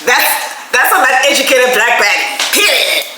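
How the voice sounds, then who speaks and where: A woman's voice: high voice, animated, moderate pace. A young woman, unboxing gifts in a casual vlog, gushing, emotional and laughing often. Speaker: vlogger. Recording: echoey room, background noise.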